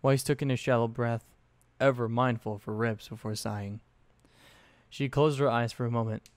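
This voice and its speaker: A young man narrates a piece of fanfiction aloud in a casual, offhand manner, stopping for sweary asides. His mid-pitched voice is even and moves at a moderate pace, recorded close and dry.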